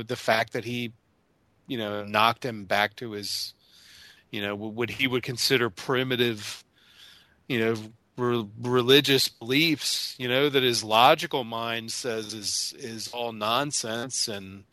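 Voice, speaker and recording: Bright-voiced man, halting talk. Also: medium pitch, dry recording. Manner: halting, full of restarts and "you know". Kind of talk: casual discussion.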